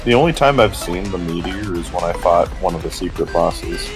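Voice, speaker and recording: Deep-voiced male co-commentator, chatty and quick to laugh. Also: expressive, over music. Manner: chatty, gives game tips, laughs often. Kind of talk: casual gameplay chat.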